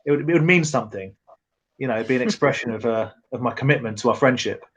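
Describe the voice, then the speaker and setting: A man's voice: medium pitch, fast, fairly bright tone, slightly rough, muffled recording. A man chatting about toys, joking and repeating words as he talks. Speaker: toy stream co-host. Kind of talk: casual chat.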